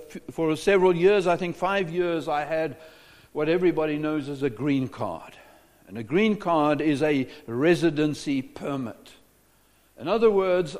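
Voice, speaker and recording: A man's voice: fairly high pitch, darkish tone, in a large hall. A South African man preaching a sermon as a pastor, asking rhetorical questions and often repeating his words.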